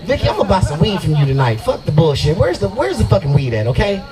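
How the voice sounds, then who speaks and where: A man's voice: sits high, wildly swooping pitch, fast, music in the background, rough recording. A young man doing a brash, profane stand-up set at an open mic night in a brewery and riffing with the crowd. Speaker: stand-up comedian.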